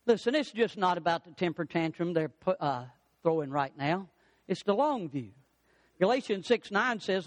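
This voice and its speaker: A middle-aged male pastor preaching a sermon, swinging his pitch and pace for emphasis. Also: dry recording.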